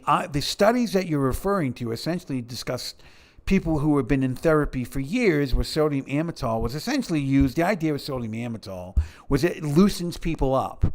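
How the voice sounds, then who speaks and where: A man giving casual commentary in a sarcastic, rambling way. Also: a little high.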